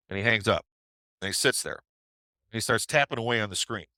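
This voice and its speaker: A middle-aged man tells a trading story on a webinar in a loose, conversational way and often checks in with "right?". His voice is low and forceful. The sound is dry and close. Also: brisk, dry recording. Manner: conversational, with tag questions. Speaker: trading educator.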